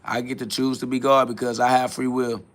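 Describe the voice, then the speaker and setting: A man's voice: medium pitch, little pitch movement, a little fast, fairly bright tone. A man hosting a live stream, answering chat questions in a preachy, blunt way, with casual slang and quoted Bible verses. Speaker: livestream host.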